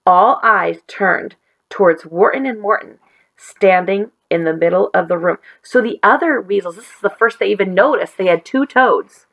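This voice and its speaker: Woman teacher, children's read-aloud, gentle, expressive, gravelly. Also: mid-range voice, moderate pace, poor audio.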